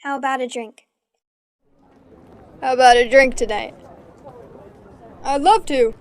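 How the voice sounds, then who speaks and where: A woman teaching English, reading short everyday dialogues aloud, taking both parts, in a clear, careful way for learners to repeat. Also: high-pitched, fairly even intonation, measured pace, over music.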